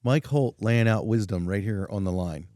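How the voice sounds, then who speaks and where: A man's voice: lowish voice, normal speed, darkish tone, dry recording, clean studio sound. Upbeat male podcast host. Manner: enthusiastic, encouraging, filler-heavy. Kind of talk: casual interview.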